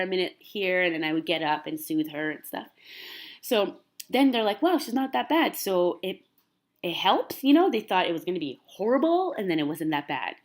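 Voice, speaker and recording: A young woman vlogger from Canada chatting casually to camera, rambling and animated, full of "like". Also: fairly low pitch.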